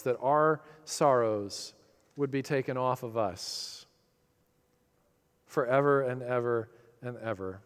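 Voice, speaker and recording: A middle-aged man preaches with earnest conviction, rising on key words and easing into quiet reflection. His voice sits at an ordinary mid pitch. Long reverb from a large church hall trails behind him. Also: expressive, takes it slowly, long pauses. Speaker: pastor. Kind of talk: sermon.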